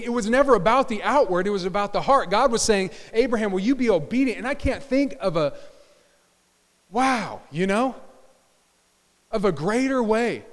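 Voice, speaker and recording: A man preaching a sermon as a pastor in a church, animated and joking with asides to the congregation. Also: high voice. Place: church sanctuary. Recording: church hall reverb.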